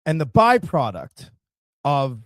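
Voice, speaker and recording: A male podcast host speaks in a fairly high voice in casual conversation. He is reflective and often restarts mid-sentence as he searches for words. The sound is dry and close. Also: big pitch swings, slow pace, fairly bright tone, no room sound.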